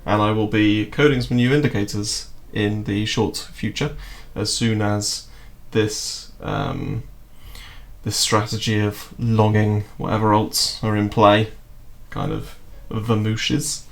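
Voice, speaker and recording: A crypto trading streamer speaks slowly in a low-ish, gravelly, steady voice as he chats loosely on his livestream. He rambles, swears and laughs a lot. There's roomy echo and quiet music behind him.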